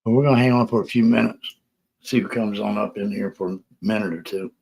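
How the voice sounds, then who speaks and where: A low-voiced man hosts a casual live stream, talking in a rambling, profane, defensive way. He sounds out of breath. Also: steady tone, a little fast, creaky, a little mellow, slightly rough. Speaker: livestream host.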